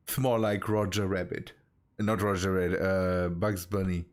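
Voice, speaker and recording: A man's voice: deep voice, level tone. A man streaming a building game, chatting casually with teammates and often restarting his sentences as he plays. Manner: halting, restarts phrases while busy. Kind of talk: casual gaming chat.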